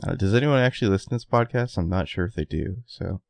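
A man co-hosting a casual podcast, teasing his partner in a dry, deadpan, passive-aggressive way. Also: deep voice, quick pace, creaky, dry recording. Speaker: podcast co-host.

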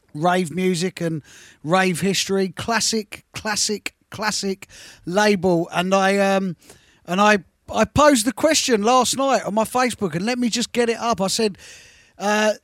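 Rave DJ host, man, high voice, dry close sound, gushes and repeats himself, faint music behind. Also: a little slow, fairly bright tone, no echo. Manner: enthusiastic, repeats words in bursts. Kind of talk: casual chat.

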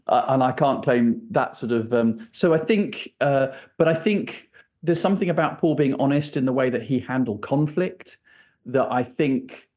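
Male guest, warm dark tone, musing and circling back on his thoughts. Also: medium pitch, normal speed. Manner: thoughtful, rambling, restarts often. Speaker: author and church leader, guest. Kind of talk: conversational interview answers.

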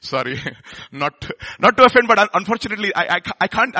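A man preaching a sermon, emphatic, asking the congregation questions and leaving pauses for them to answer. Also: sits high, big pitch swings, sharp tone.

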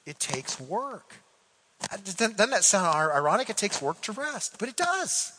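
A man preaching a sermon as pastor, animated, repeating phrases for emphasis. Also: sits high, normal speed, long reverb tail, slight background noise, low-quality recording.

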